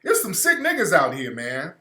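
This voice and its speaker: A man's voice: on the high side, wildly swooping pitch, moderate pace, bright, forceful tone. A man hosting a radio show, delivering a combative, profane and mocking monologue. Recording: echoey room.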